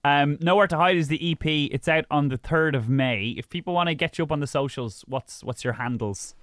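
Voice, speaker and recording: A man hosting a radio interview in a studio, playful and teasing with quick questions. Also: on the high side, a bit bright, no echo. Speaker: radio host.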